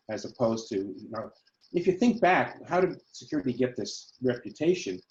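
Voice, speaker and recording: A man on a panel lays out his points in a measured, explanatory way. His voice comes through echoey and a little dull, as if recorded in a bare room on lo-fi gear. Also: medium pitch, darkish tone. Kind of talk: casual panel discussion.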